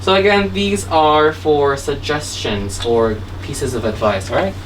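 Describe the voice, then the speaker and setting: A woman's voice: low-pitched, unhurried. A woman teaching English grammar in an online lesson, often checking in with "right?" and "okay?". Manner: tags sentences with "right?" and "okay?". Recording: distant mic with faint background noise.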